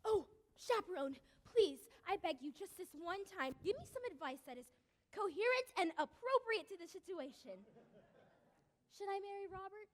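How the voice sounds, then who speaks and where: A woman's voice: very high-pitched, animated, moderate pace. A woman playing a flighty young showgirl bride with breathless, melodramatic lines in a stage musical. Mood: flustered.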